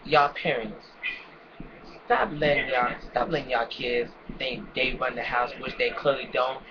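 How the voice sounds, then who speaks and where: A young man telling a story from his own life and lecturing kids and parents, animated and preachy, with lots of restarts. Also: mid-range voice, unhurried. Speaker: vlogger. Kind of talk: casual storytelling rant. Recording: dull lo-fi with crowd noise behind.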